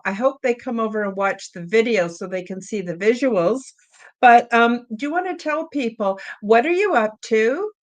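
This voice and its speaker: Woman podcast host, halting speech. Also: medium pitch. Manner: halting, with many "uh" fillers. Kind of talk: interview.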